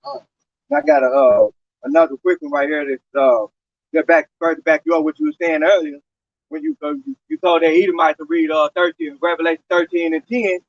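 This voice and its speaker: A man's voice: a little high, a little fast, no room sound, muffled recording. A man reading scripture passages and commenting on them, often repeating words as he starts a sentence. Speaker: group discussion participant.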